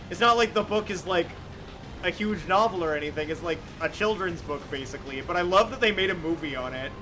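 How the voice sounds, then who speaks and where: Joking high-voiced man streaming a game. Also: lively intonation, moderate pace, background noise. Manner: joking, laughs often. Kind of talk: casual gameplay commentary.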